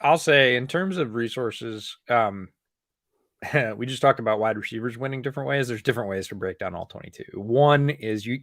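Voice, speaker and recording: A man co-hosting a podcast in casual chat, explaining points in a measured way and repeating them for emphasis. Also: medium pitch, fairly bright tone, dry recording, studio quality. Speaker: podcast co-host.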